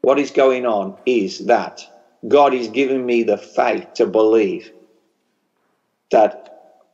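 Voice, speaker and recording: A man's voice: mid-range voice, takes it slowly, dark tone. A man with a strong working-class English regional accent preaches fervently to a conference crowd in a mid-range voice, moving from storytelling into a rousing blessing. The recording sounds a little dull and muffled. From England. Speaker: pastor. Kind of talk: sermon. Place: large church conference hall.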